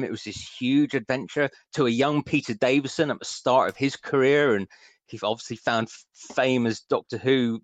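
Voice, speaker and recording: A man's voice: medium pitch, no room sound. Enthusiastic man with a West Country accent. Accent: West Country English. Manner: enthusiastic, chatty, with frequent restarts. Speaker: author and guest. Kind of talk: radio interview, casual chat.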